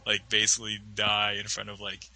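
A man's voice: fairly low pitch, monotone, a little fast, vocal fry, sharp tone, a little hiss or hum, low-quality recording. A young man telling a long, rambling story in a casual chat, filling it with "like" and acting out the voices of the people in it. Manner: rambling, full of "like", acts out quoted voices.

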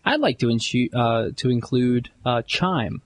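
A man co-hosting a gaming podcast, reading listener emails aloud in a brisk, jokey way. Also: mid-range voice, lively intonation. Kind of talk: casual chat and reading aloud.

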